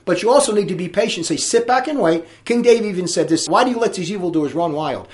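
A man's voice: sits high, lively intonation, fast talker. A man preaching a sermon, reading scripture aloud in a fiery, emphatic way.

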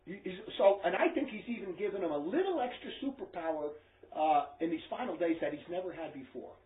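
A man's voice: high-pitched, expressive, brisk. A man preaching to a small group in a blunt, emphatic, scolding way. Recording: echoey tinny phone-like recording.

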